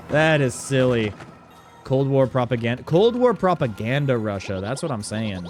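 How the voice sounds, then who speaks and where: A man's voice: mid-range voice, expressive, normal speed, soft background music. A man streaming a game, giving chatty, jokey commentary full of fillers. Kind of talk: casual let's-play commentary.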